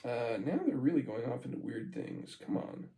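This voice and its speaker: A man's voice: medium pitch, animated, moderate pace, creaky, warm tone, rough recording. A man doing an informal reading of a book aloud, stopping for chatty asides and laughs. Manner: reads aloud, breaks off to comment and laugh. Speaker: amateur reader of a book. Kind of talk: casual read-aloud with asides.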